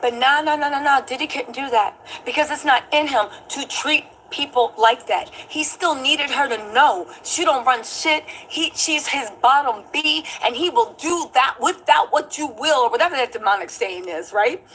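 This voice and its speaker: Animated woman host, high voice, livestream chat commentary. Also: normal speed, few pauses, slight background noise, rough recording. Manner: animated, acts out quoted lines in high voices. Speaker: news show host. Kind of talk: casual commentary with livestream shout-outs.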